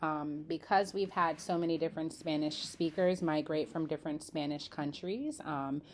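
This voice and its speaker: Young woman, low voice, from Boston area, casual class presentation, frequent fillers, demonstrates pronunciations. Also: fairly even intonation, moderate pace, slight background noise. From Boston area, USA. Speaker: student presenter.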